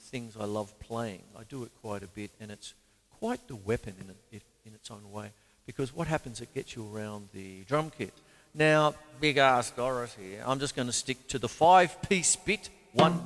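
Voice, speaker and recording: An Australian man giving a casual drum lesson, rambling and chatty, counting beats aloud as he plays. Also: medium pitch. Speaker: drum teacher. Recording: long reverb, loud drum kit behind. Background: drum kit playing.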